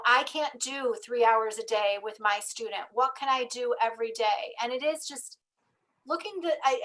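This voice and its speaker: A woman's voice: on the high side, fairly bright tone, low-quality recording. A woman in an online talk explaining her reasoning in a thoughtful way. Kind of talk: webinar conversation.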